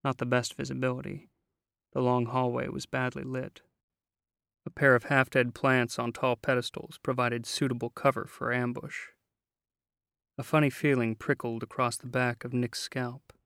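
Gravelly, dry-voiced male narrator. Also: mid-range voice, flat delivery, normal speed, a bit bright, no echo. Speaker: audiobook narrator. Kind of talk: scripted narration.

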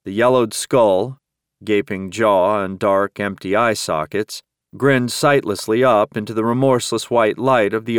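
A man narrating an audiobook in a steady, measured storytelling manner. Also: on the low side, smooth, no room sound, clean studio sound. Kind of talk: scripted narration.

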